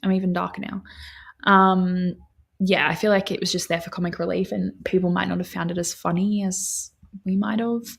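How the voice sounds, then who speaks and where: A woman's voice: lowish voice, steady tone, normal speed, vocal fry, husky. A young woman hosting a livestream from home, chatting casually with viewers in a rambling way with lots of fillers. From Australia. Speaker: livestream host.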